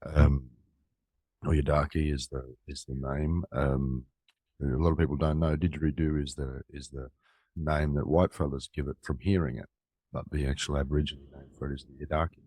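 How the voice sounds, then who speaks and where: Very deep-voiced Australian man, reflective. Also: flat delivery, moderate pace, warm tone, slightly rough, dry recording, clean studio sound. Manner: reflective, rambling with many restarts. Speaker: musician guest and co-host. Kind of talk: casual conversation.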